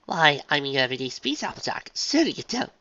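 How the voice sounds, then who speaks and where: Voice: medium pitch, sing-song, fast talker, sharp tone, pitched above the performer's own voice. A reader voicing a refined, dramatic unicorn dressmaker mare who talks in a posh, gushing, theatrical way, on a dull lo-fi recording. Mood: puzzled.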